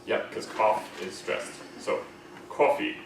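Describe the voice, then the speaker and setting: An American man leads a diction class, modeling words aloud and giving quick corrective feedback with a lively, swinging pitch. He is picked up from a distance in an echoey classroom, with steady background noise behind him. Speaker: diction teacher.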